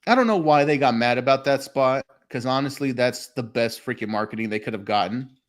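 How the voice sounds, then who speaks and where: A man hosting a loose, casual podcast at an ordinary mid-range pitch. He talks in a relaxed storytelling way, swears freely and laughs often. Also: brisk. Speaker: podcast host. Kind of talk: casual chat. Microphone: phone call.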